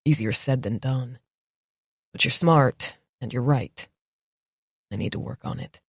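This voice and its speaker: A woman narrator voicing a grounded, gruff blue-collar man in an audiobook, with a low-key, steady, reassuring manner. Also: measured pace, no room sound, clean studio sound, exaggerated voice. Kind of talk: audiobook dialogue.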